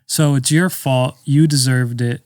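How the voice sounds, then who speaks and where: A man's voice: medium pitch, fairly even intonation, unhurried, darkish tone, no room sound. Man, podcast co-host, casual chat, dry teasing, short answers, dead dry sound.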